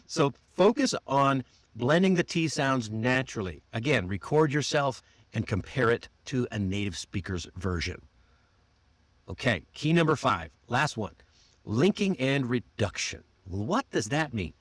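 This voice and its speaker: A man with an American accent, coaching pronunciation in a livestreamed lesson and demonstrating words slowly and deliberately. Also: medium pitch, sing-song, no echo. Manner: slow, drawn-out demonstrations of words.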